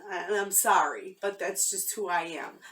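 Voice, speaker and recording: A woman's voice: fairly low pitch, normal speed, a bit bright, distant mic, slight background noise. A woman vlogging from her homestead, telling a story in a heartfelt, rambling way with many restarts. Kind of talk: casual chat to camera.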